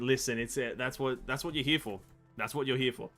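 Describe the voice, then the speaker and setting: A man's voice: medium pitch, steady tone, fairly quick, fairly bright tone, soft background music. A man giving casual, joking game-playthrough commentary, swearing freely and mocking himself. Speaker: gaming YouTuber.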